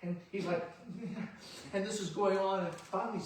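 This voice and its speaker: A man's voice: high voice, fairly even intonation, brisk, a little hiss or hum. A male pastor preaching a sermon in a conversational, storytelling way in a church sanctuary. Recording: echoey church hall, distant mic.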